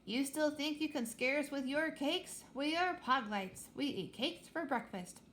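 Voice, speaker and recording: A woman's voice: sits high, unhurried, a bit bright, a little hiss or hum, pitched above the performer's own voice. A woman reading aloud, voicing a male alien captain who growls and boasts. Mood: boastful. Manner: growling, swaggering.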